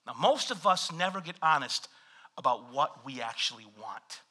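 A man's voice: medium pitch, moderate pace, slightly rough. A man preaching a sermon, reading scripture and telling funny stories from his married life. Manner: animated storytelling with scripture reading and humor. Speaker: pastor.

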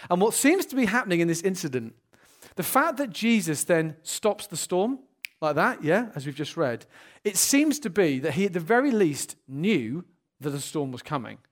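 Animated man preaching a sermon. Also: fairly high pitch, normal speed. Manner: lively and animated, shifting from playful to hushed and earnest.

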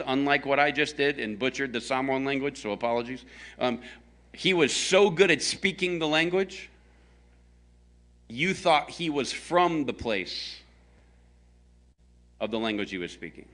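A man's voice: mid-range voice, moderate pace, fairly bright tone. A man from the American South preaching a conversational sermon, telling a story with jokes aimed at his congregation. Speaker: pastor.

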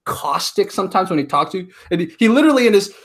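A man in his thirties talking casually as a podcast guest, telling stories and acting out quotes in an animated way. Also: high voice, very fast. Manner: chatty, animated storyteller, acts out quotes.

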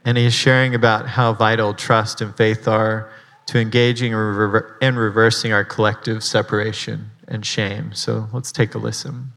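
A man's voice: lowish voice, little pitch movement, moderate pace, gravelly, fairly bright tone, big-room sound. A man giving a casual sermon as pastor, chatty, with rambling asides.

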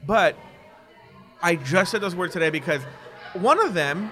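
A man's voice: high-pitched, measured pace, pauses often, soft background music. A man in casual conversation, telling personal stories candidly and animatedly, sometimes mocking people by quoting them. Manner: candid, animated storyteller, does mocking quoted voices. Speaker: podcast guest.

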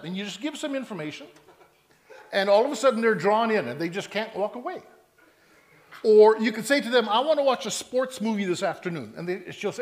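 A man with a notably high-pitched voice delivers a sermon in an animated, storytelling way. He slips into both sides of everyday conversations to make his point, then settles back into teaching. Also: fast talker. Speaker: preacher.

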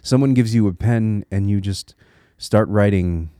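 A low-pitched man from Connecticut, USA, with a warm, mellow tone hosts a solo podcast, speaking a little slowly. Reflective and earnest, he encourages his listeners and restarts small phrases now and then as he thinks aloud. The sound is dry, with no room echo.

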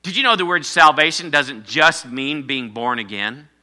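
A man's voice: medium pitch, expressive, moderate pace, bright, forceful tone. A man preaching a sermon to his congregation, emphatic and repeating key phrases for weight. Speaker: pastor.

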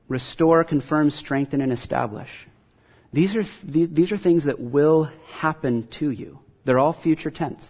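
A man's voice: medium pitch, slightly rough, muffled recording. A man preaching a sermon to his congregation, earnest and conversational, with self-deprecating asides. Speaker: pastor.

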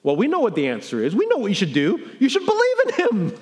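Male pastor, animated sermon delivery, high voice with wide swings in pitch. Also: fast talker. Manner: animated, builds to incredulous emphasis; conversational with fillers and restarts.

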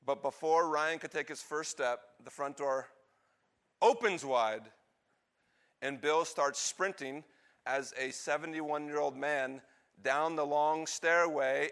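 A man preaching, telling a story and acting out the lines of its characters in an animated way. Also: on the high side. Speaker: pastor. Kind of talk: sermon storytelling.

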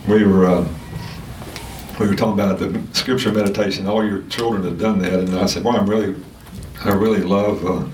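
A man teaching a casual Sunday school lesson, talking in a halting way with many restarts and fillers. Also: sits low, steady tone, a little mellow, a little hiss or hum. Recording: roomy sound from a distant mic.

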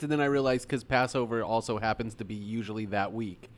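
A man's voice: medium pitch, fast talker. A man hosting a podcast, chatting casually and laughing often. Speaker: podcast host. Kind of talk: casual chat.

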